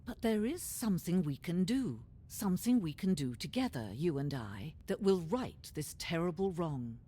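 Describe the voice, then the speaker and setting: A woman's voice: fairly low pitch, big pitch swings, moderate pace, dark tone. An actress voicing a scheming female character in a video game, speaking in a coaxing, conspiratorial way. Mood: persuasive.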